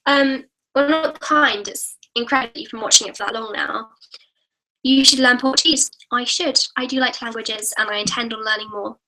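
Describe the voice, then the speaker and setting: A teenage girl, hosting a live-stream Q&A where she reads viewer comments aloud. Her voice sits high and bright. She talks in a chatty, bubbly way and apologizes often. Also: moderate pace, poor audio. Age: teens. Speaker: YouTube host.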